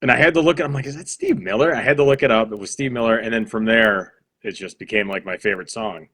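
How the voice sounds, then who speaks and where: A man in his thirties, a guest on a casual livestream chat, talking in a relaxed, rambling way with fillers. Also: lowish voice, fast talker, slight background noise. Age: 30s.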